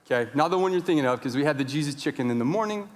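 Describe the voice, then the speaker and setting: A man in his thirties, a pastor telling a story in a sermon, acting out his own shouting. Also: fairly high pitch, animated, racing, background noise. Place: large church sanctuary. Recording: long church reverb.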